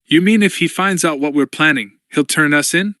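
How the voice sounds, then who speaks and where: A man voicing a weary, anxious young woman who speaks softly and hesitantly in an audiobook. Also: on the high side, moderate pace, no echo, clean studio sound, pitched above the performer's own voice. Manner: soft, pleading, uncertain.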